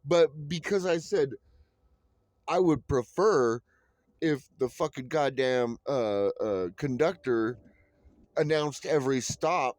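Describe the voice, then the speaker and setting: A man's voice: medium pitch, takes it slowly, darkish tone. A man vents in a rambling, profane monologue while riding a train. His speech is full of fillers and restarts. The sound is dry and close, with little room echo. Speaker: vlogger. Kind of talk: ranting monologue. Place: on a moving train. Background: train noise.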